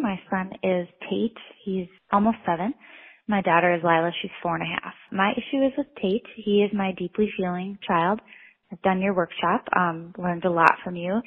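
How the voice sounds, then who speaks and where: A woman's voice: lowish voice, slightly rough. A woman in her thirties, a mother of two, calling in to earnestly explain a struggle with her child. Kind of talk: call-in question. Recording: tinny phone line.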